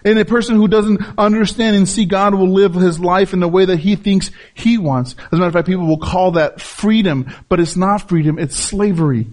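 High-pitched guy preaching, leans hard on repeats and asks the crowd stuff. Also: a little mellow. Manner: emphatic preaching with rhetorical questions and repetition. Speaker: pastor. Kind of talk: sermon.

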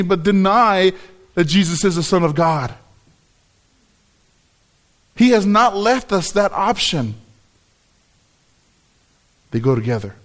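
A man's voice: high-pitched, lively intonation, a little slow. A middle-aged man preaching a sermon, telling a personal story and acting out his own reactions. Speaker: pastor.

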